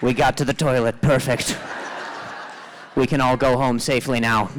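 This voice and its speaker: A man's voice: fairly even intonation, some chatter behind, a little hiss or hum. Stuttering male comedian on stage. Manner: self-deprecating, quick quips with low asides. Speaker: stand-up comedian. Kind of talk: stand-up crowd work.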